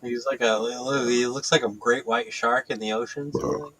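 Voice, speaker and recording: A man's voice: medium pitch, steady tone, normal speed, a bit bright, a little hiss or hum, low-quality recording. Giggly guy on a stream chat, likes saying like. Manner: giggly, uses like a lot. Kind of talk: casual banter.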